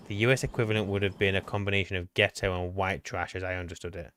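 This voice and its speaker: Bright-voiced man, rambling and hesitant. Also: low voice, flat delivery, fast talker, hardly any pauses, a little hiss or hum. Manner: hesitant, rambling, restarts his sentences. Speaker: co-host of a gaming stream. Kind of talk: casual chat while gaming.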